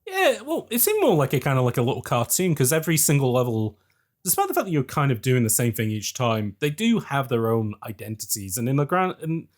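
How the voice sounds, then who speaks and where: A man co-hosting a casual podcast over a call, animated and quick to laugh, swinging between high and low. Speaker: podcast co-host. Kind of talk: casual chat. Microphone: remote call mic.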